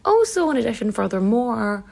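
A woman's voice: on the high side, sing-song, moderate pace, gravelly, mellow. A woman with a Donegal Irish accent hosting a podcast, telling history in a chatty, sweary, irreverent way. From Donegal, Ireland. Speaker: podcast host. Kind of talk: casual storytelling podcast.

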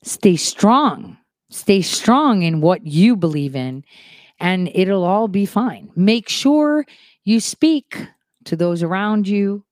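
Woman commentator, animated casual monologue, mid-pitched, close and dry. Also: no echo. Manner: animated, quick shifts from soft asides to emphatic rises. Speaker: online commentator.

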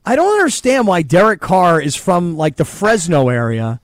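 A middle-aged man, a former kicker, telling stories on a sports radio show in a casual, animated way, acting out other people's voices. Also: high voice, moderate pace, dry recording, clean studio sound. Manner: animated storyteller, acts out voices.

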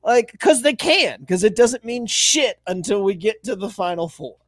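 A man's voice: high-pitched, expressive, normal speed, fairly bright tone, no echo. A man co-hosting a sports podcast, musing in a rambling, profane, sarcastic way. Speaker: podcast co-host. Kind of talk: casual sports podcast banter.

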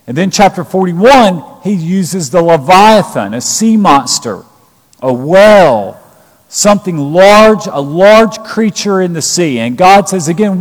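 Male preacher, slightly raised pitch, emphatic scripture retelling, long hall reverb. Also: animated, a little slow. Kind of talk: sermon.

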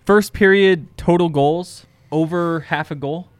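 A man's voice: on the high side, a little slow, smooth, dry recording. Joking man co-hosting a betting show. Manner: joking, self-deprecating banter. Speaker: sports betting show co-host. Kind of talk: casual sports chat.

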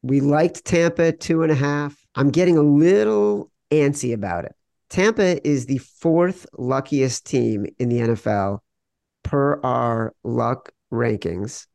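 A man's voice: medium pitch, unhurried, vocal fry, darkish tone, dry recording. A man co-hosting a sports betting podcast, arguing his picks in a wry, insistent way. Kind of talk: casual sports betting debate.

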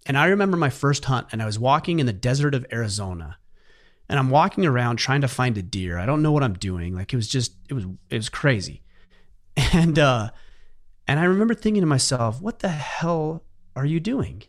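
A man's voice: mid-range voice, animated, fairly quick. A middle-aged man hosting a podcast, telling personal stories in an earnest, heartfelt way in casual conversation. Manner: earnest storytelling, emotional at times. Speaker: podcast host.

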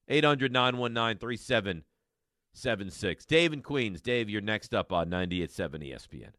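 A man in his forties hosts a call-in sports radio show with an emphatic, teasing delivery. His pitch swings widely as he pushes his points, and the studio sound is dry and close. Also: expressive, moderate pace, fairly bright tone, no echo. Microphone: studio microphone.

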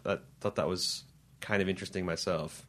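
A man's voice: deep voice, steady tone, fairly quick, fairly bright tone. A man in a casual film chat, speaking wryly and critically with frequent restarts and asides.

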